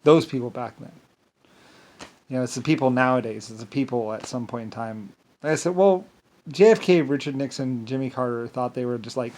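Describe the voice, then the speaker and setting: A man talking in a rambling monologue, halting and restarting often, full of filler words, dropping to mumbles and then jumping into loud bursts. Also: mid-range voice. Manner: swings between mumbling and sudden loud bursts. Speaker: self-styled storyteller.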